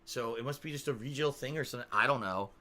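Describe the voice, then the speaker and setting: A man's voice: medium pitch, bright, forceful tone. A man with a Connecticut accent, a live streamer chatting casually, reading viewer donations and joking about his own pronunciation. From Connecticut, USA. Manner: playful, laughs often, mock-drawn-out words.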